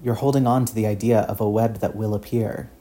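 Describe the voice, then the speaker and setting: A man's voice: lowish voice, fairly even intonation, brisk, warm tone, close to an everyday voice. A man voicing a fierce, fatherly grown man who speaks firmly and directly.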